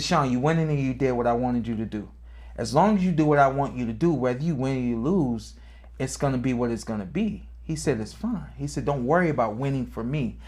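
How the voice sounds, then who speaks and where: A man co-hosting a podcast, telling a personal boxing story in a casual way, acting out quotes, his voice climbing high when the story gets emotional. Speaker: podcast co-host and former boxer.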